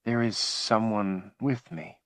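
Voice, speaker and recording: A grieving, frightened young woman speaks in soft, tremulous tones, as a man reading an audiobook puts her on. Her voice sits higher than the reader's own deep register and comes across quiet and breaking. The read is close and dry, with no room around it. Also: steady tone, takes it slowly, smooth, no echo. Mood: tearful. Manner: soft, tearful, trembling.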